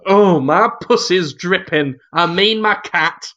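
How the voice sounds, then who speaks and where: A man's voice: sits high, takes it slowly, pushed and bright, exaggerated voice. A British man imitating a prim, frumpy middle-aged shop lady who says things with oblivious innuendo, in a dull, lo-fi recording. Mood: flustered.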